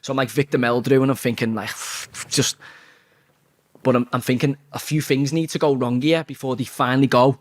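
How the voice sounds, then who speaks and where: A man, telling a football story in a blunt, sweary, animated way during a casual interview. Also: medium pitch, brisk.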